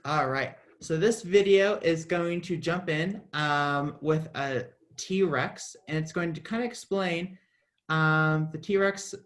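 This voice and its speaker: Camp teacher on a video call, slow and gentle, talking kids through it. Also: medium pitch. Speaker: camp instructor. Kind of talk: online kids' class.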